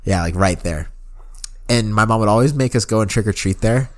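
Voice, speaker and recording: Laid-back young man, low voice. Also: fairly quick. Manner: laid-back, swears often, says "like" and "bro" a lot. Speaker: podcast co-host. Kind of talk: casual chat.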